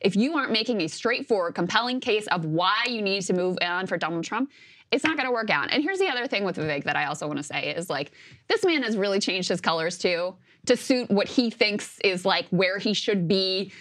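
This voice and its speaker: A woman co-hosting a political talk show, giving brisk, dismissive analysis. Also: mid-range voice, animated, fairly bright tone. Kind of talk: political commentary chat.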